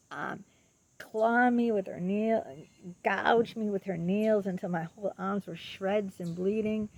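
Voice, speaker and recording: A woman in her fifties talking earnestly about her own life in a personal monologue, halting often with ums and restarts and asking rhetorical questions. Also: medium pitch, fairly even intonation, creaky, dry recording. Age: 50s. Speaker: vlogger.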